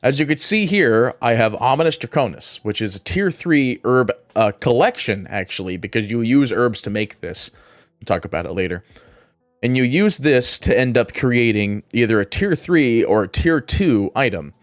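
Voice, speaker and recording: Man, casual game-guide narrator, middle pitch, dry close-mic read with loose self-corrections. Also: animated, normal speed, no echo. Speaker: gaming guide creator. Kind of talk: game tutorial voice-over.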